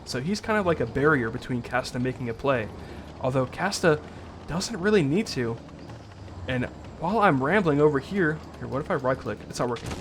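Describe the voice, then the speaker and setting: A man's voice: medium pitch, animated, a little fast, background noise. A man giving live commentary on an online tank game match in a casual, rambling way, often correcting himself and trailing off with fillers. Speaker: esports caster.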